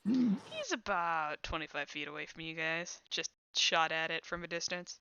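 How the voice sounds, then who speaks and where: A woman's voice: low-pitched, very animated, normal speed, creaky, sharp tone, clear, resonant tone, no room sound, low-quality recording. A woman acting as game master, narrating a tabletop game in a playful, amused way.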